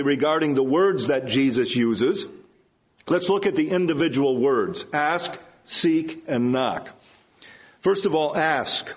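A man preaching from the pulpit, his voice sitting a little higher than most. He teaches in an even, measured way and slows right down when he quotes scripture. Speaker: pastor. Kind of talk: sermon.

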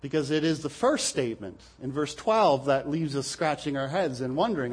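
A man's voice: a little high, expressive, moderate pace, hardly any pauses, husky. A man preaching a sermon from the pulpit in a church, explaining earnestly and asking rhetorical questions into a pulpit microphone. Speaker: pastor. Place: church hall.

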